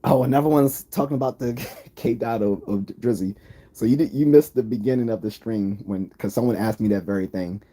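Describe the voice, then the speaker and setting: Male livestream host, East Coast accent; low, mellow, husky voice; rambling, opinionated chat with viewers. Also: brisk.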